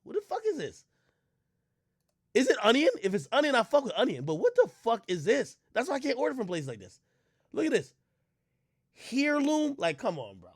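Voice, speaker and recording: Man, livestream commentary, incredulous profane rant, high voice, very lively pitch. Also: fast, breathy edge, dry recording, studio quality. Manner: loud, incredulous, profane ranting. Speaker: streamer reacting to a menu.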